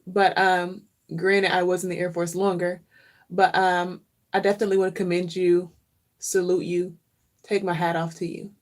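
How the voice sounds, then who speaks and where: A woman vlogger speaks in a casual, heartfelt way, her voice sitting a little low. She turns reflective and openly emotional, often repeating a phrase to drive it home. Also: flat delivery, moderate pace. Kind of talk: casual chat.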